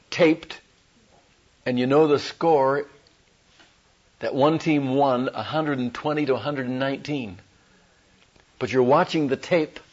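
A man preaching a sermon as a traveling evangelist, telling animated stories with folksy humor. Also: mid-range voice, breathy edge. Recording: dull lo-fi recording.

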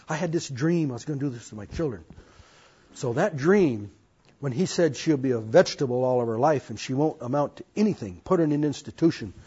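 A man's voice: medium pitch, dark tone, slightly rough. An older man earnestly telling his life story to an audience, with folksy asides, in a dull lo-fi recording. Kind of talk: personal testimony to an audience.

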